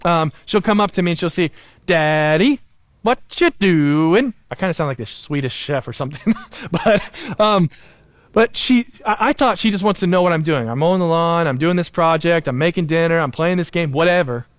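A male pastor delivering a sermon in a fairly high voice, recorded close and dry with no room sound. He speaks earnestly, slowing and sinking lower for emphasis, and drops in self-deprecating humor. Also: no echo. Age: adult, married with young children.

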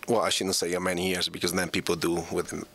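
A man's voice: low voice, little pitch movement, fast, gravelly, fairly bright tone, no echo. A man, a talk show guest, telling a personal story in playful, casual chat.

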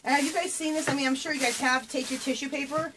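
A woman's voice: sits high, fairly even intonation, quick pace, noisy background. Gushing woman unboxing gifts on camera. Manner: gushing, breathless exclamations. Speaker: craft vlogger opening a gift package. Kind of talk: excited unboxing chat to camera. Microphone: camera she sets up herself.

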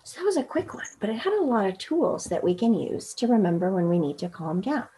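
Soft-spoken woman reading a picture book. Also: mid-range voice, sing-song, brisk, a little hiss or hum, rough recording. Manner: gentle, soothing, slips into soft whispers. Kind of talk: children's storytime read-aloud.

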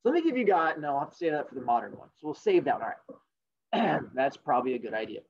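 A man hosting a podcast, telling a fable in a casual, jokey, animated way. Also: fairly high pitch, quick pace, breathy edge, dull audio. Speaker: podcast host. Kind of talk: casual storytelling.

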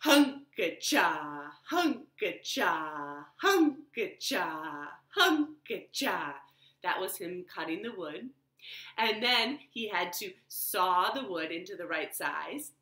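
A woman librarian telling a children's story at home in an expressive, animated way. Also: lowish voice, a little slow. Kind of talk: storytime read-aloud. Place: living room. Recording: roomy living room echo.

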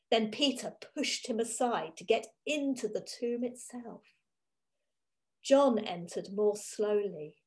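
A woman giving a first-person dramatic monologue as a grieving, devoted woman disciple from ancient times, telling it slowly and with emotion. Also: mid-range voice, darkish tone, lightly acted. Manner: slow, emotional, intimate storytelling. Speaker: church reader.

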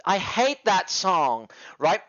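A man's voice: high-pitched, very animated, slow, a bit bright, lo-fi sound, a little hiss or hum. A British man livestreaming, telling rambling slangy stories with plenty of swearing. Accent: British English. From United Kingdom. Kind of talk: casual livestream chat.

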